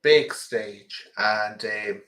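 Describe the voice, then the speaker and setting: A man's voice: lowish voice, very slow, sharp tone, poor audio. A middle-aged man from England chatting casually as host, rambling through an opinionated story with lots of ums and restarts. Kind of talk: casual livestream chat.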